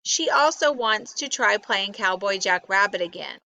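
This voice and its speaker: A woman's voice: mid-range voice, lively intonation, normal speed, pushed and bright. A woman voicing a polite, formal male robot in a children's storybook read-aloud, speaking precisely.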